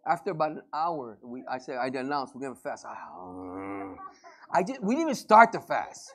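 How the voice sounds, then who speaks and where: A male pastor preaching a lively, joking sermon to a congregation and acting out everyday scenes. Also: mid-range voice, normal speed, pauses often. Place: church service before a congregation.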